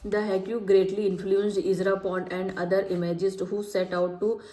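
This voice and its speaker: A woman works through exam questions in a study lecture. She reads each option aloud and then repeats the right answer slowly. Her voice is mellow and flat, and the room is echoey. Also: medium pitch. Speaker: teacher.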